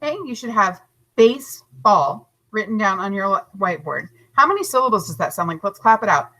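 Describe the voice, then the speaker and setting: A woman teacher giving a recorded lesson to young children, stretching out each word slowly and encouraging them. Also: mid-range voice, animated, pushed and bright, low-quality recording. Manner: slow, drawn-out modeling of words, encouraging.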